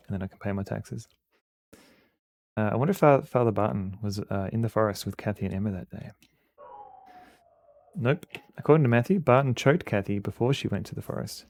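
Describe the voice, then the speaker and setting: Aussie guy rambling on stream, lots of ums, kinda low gravelly voice. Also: darkish tone. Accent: Australian. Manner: halting, rambling, many fillers. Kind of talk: casual commentary while playing a game.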